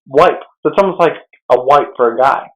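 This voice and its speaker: A young man answering embarrassing questions in a casual chat, animated and profane. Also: medium pitch, moderate pace, rough recording. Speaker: podcast co-host answering questions.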